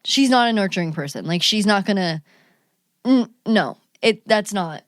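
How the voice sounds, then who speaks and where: A woman's voice: medium pitch, animated, moderate pace, dry recording, clean studio sound. A young woman co-hosting a casual podcast chat, talking loosely with lots of "like" and a bit of swearing. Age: young adult. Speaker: podcast co-host, daughter.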